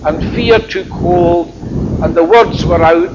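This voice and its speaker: A man with a high voice retells a story as a sermon in a reflective, colloquial way. The recording is dull and muffled, and loud wind noise rushes across the mic. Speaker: preacher.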